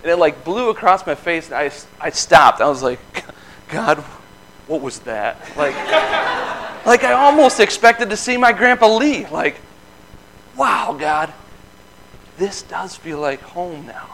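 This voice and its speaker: A man in his thirties from the Midwest giving an informal testimony at a church, telling a story in an earnest, folksy way with quick laughs. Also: a little high, big pitch swings, creaky, fairly bright tone, low-quality recording. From Michigan. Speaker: lay speaker giving testimony.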